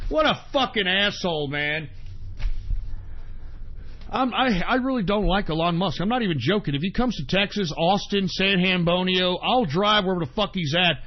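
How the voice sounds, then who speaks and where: A man hosting a talk radio show, ranting in a profane, combative way that swings between shouting and grumbling. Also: high voice. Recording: dull lo-fi sound.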